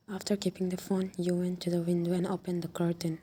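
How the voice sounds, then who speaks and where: A woman narrating a second-person fan fiction story, reading slowly and softly and sometimes dropping to a whisper. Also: lowish voice, completely flat delivery, slightly rough. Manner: slow, soft, at times whispered.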